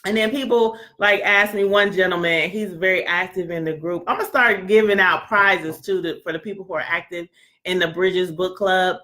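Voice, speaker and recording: A woman's voice: fairly low pitch, steady tone, normal speed. Chatty, laughing woman host. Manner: chatty, joking, acts out quoted voices; laughs often, talks loud. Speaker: book club host. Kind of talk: casual chat presenting a website.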